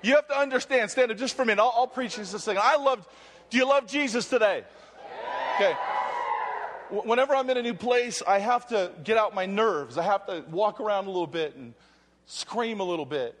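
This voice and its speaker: A man's voice: high-pitched, fairly quick, slight background noise. A man preaching and praying fervently to a live audience, joking and rousing the crowd. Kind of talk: energetic sermon with prayer. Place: large hall with live audience. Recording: long hall reverb.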